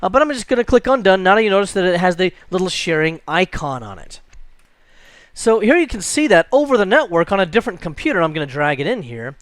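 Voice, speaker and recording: A man teaching a screen-recorded software tutorial, chatty and jokey, thinking aloud as he clicks through. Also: sits high, sing-song, fast, no room sound. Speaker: computer instructor.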